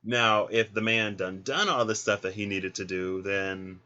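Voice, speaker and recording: A man's voice: fairly low pitch, steady tone, measured pace, sharp tone. A man giving a casual card reading, chatty and thinking aloud as he goes. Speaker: card reader. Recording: dull lo-fi recording.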